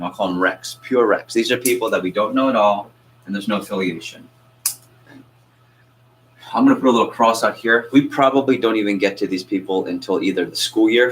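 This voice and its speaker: Energetic male sales trainer, low voice. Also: a little hiss or hum, poor audio. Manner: energetic, asks the group questions and acts out phone calls. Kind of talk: coaching a training class.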